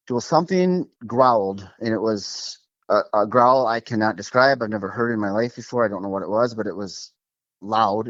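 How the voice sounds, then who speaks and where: Man, lowish voice, animated storytelling, filler-heavy, dry muffled recording. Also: dry recording. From Minnesota. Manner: animated, fast, lots of fillers like "like" and "um". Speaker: guest telling an encounter. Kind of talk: casual storytelling over a call.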